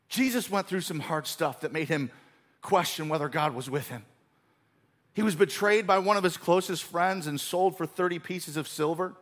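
Male pastor, high-pitched, earnest and emphatic sermon delivery. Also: pushed and bright. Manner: earnest preaching with emphatic repetition.

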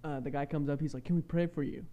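A man's voice: a little high, fairly even intonation, fast, warm tone. A young man, co-host of a podcast, telling a casual story that he acts out with quoted voices and frequent laughs. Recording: dull lo-fi sound.

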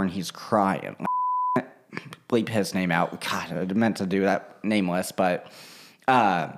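A young man chatting casually, telling a work story in an animated, profane way and acting out what people said. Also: lowish voice. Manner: animated, swears freely, slips into quoting people.

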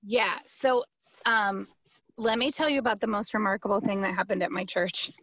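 A woman pastor answering interview questions, telling a story in an animated, emphatic, casual way with many fillers. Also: mid-range voice, moderate pace, dry recording.

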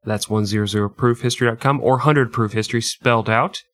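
A man's voice: medium pitch, fast talker, fairly bright tone. A man in his thirties co-hosting a comedy history podcast, joking and laughing often. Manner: laughs often, plugs the show. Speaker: podcast co-host. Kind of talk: casual comedy chat.

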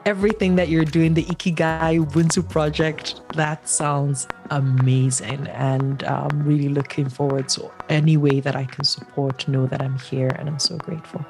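A woman from Nigeria talks as a podcast guest. She is reflective, calm and unhurried. Her voice is low, and music plays beneath her. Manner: calm, measured, meditative. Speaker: podcast guest, writer and storyteller. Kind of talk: reflective interview answer.

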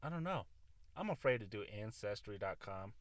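A man's voice: lowish voice, very animated, moderate pace, slight background noise. A young man hosting a solo podcast, rambling and self-mocking, swearing often into a close mic. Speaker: podcast host.

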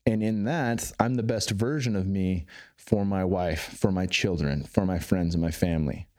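A man in his thirties talking candidly as a podcast guest, swearing freely and getting animated. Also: low voice, normal speed. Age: 30s. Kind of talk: casual interview conversation.

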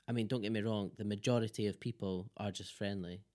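A man's voice: fairly low pitch, fast. Laughing Scottish man chatting as a podcast guest. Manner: laughs often, animated storytelling. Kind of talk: casual chat.

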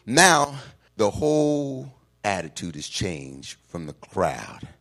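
A man preaching a call-and-response sermon, climbing into shouts at the peaks and then dropping low and quiet, in a church sanctuary. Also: very animated, slow. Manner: whoops and shouts at climaxes, then drops low.

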